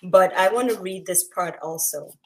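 A woman's voice: fairly low pitch, normal speed, a bit bright, slight background noise, low-quality recording. Emotional woman reading aloud. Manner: emotional, laughs often, exclaims. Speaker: host reading from a book. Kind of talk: casual chat and read-aloud.

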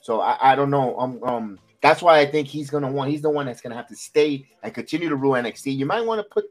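A man hosting a wrestling recap podcast in casual chat, animated and repeating himself for emphasis. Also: mid-range voice, fast talker, soft background music. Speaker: podcast host.

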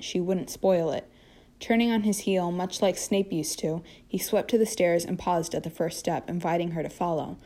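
Low-voiced woman reading fiction aloud. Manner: steady reading with occasional slips and restarts. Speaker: fanfiction reader.

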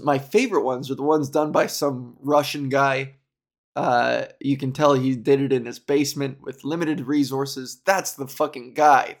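A man on a comic rant, exasperated and profane, often laughing. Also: fairly high pitch. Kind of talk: comedic rant.

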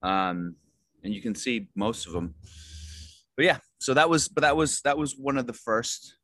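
A man's voice: mid-range voice, moderate pace, fairly bright tone, no echo. A man, an actor, telling rambling self-deprecating stories in a casual interview, with many fillers and restarts. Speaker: actor guest.

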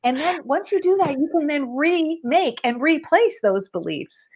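A woman's voice: sits high, lively intonation, unhurried, a little mellow, slight background noise. A woman guest on a podcast, a professional organizer and coach, speaking in an upbeat, candid, motivational way. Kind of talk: casual interview.

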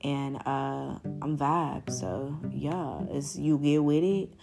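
Low-voiced chatty woman podcaster, y'all. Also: steady tone, slow pace, vocal fry, music in the background. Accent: American, mixing northern and southern. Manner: chatty, rambling and playfully boastful, addresses listeners as y'all. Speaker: podcast host. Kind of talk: casual solo podcast monologue.

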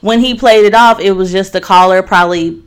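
Giggly woman cohost, telling a story, animated. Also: medium pitch, a little fast, clean tone. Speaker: podcast co-host. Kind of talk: casual chat.

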